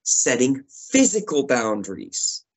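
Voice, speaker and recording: A man teaching children in a chatty, lively way, acting out short example phrases as he explains. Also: medium pitch, unhurried, breathy edge, low-quality recording. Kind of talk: classroom lesson for kids.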